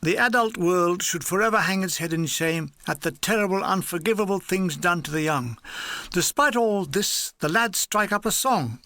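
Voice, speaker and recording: A man's voice: high voice, animated, moderate pace, pushed and bright, no echo. Dry, wry man reading his memoir. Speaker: author narrating his war memoir. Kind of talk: audiobook reading.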